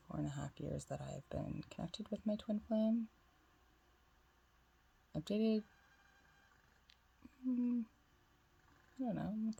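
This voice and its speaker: A woman's voice: low-pitched, vocal fry, mellow, husky. A young woman vlogger telling a long personal story in a chatty way, swearing freely and acting out the dialogue. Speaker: spiritual vlogger. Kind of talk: casual storytelling.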